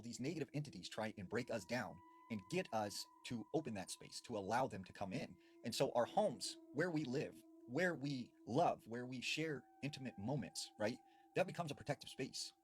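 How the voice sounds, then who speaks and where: Brief: conversational male horror storyteller, lively, mid-pitched. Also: slight background noise. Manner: conversational, animated, with fillers like "you know". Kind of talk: spoken horror story narration.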